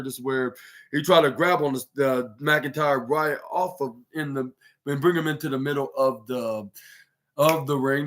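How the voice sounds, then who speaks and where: A man with a somewhat high-pitched voice hosts his own podcast. He walks through a wrestling match move by move in a solo recap, dropping into short acted-out lines for the wrestlers as he goes. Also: fairly bright tone. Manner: blow-by-blow retelling, acting out wrestlers' lines. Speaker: podcast host.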